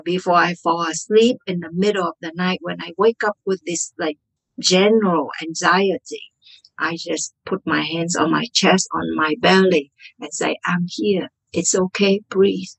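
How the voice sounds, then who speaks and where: A woman meditation teacher speaking gently and unhurriedly in an interview. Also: fairly low pitch, creaky, breathy edge, low-quality recording.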